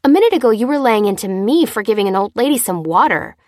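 A woman reading the lines of a frightened, indignant young woman, sharp and pressing, in a storybook reading. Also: on the high side, expressive, quick pace, dry recording, clean studio sound, pitched above the performer's own voice, close to an everyday voice. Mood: alarmed.

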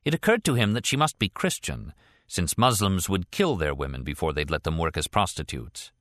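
A man with a deep voice reads a novel aloud, letting his pitch rise and fall widely as he tells it. The sound is close and completely dry, with no room around it. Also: big pitch swings, normal speed, a bit bright, dry recording. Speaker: audiobook narrator. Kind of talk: scripted narration.

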